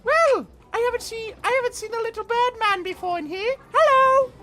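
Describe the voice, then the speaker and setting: A man voicing a timid, polite little floating orb creature in an attempted British accent, fussy and quick. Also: over loud music. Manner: squeaky, fast, fussy and polite.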